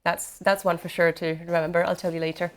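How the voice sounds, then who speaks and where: A woman interviews a guest in a relaxed, friendly way. Her voice sits a little low for a woman, and her questions come with hesitant ums and quick reactions. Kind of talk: casual interview.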